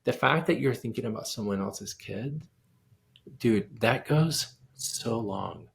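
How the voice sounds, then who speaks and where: Gravelly-voiced man telling an animated story. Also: medium pitch, slow pace. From United States. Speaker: guest pianist and composer. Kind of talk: storytelling in a casual interview.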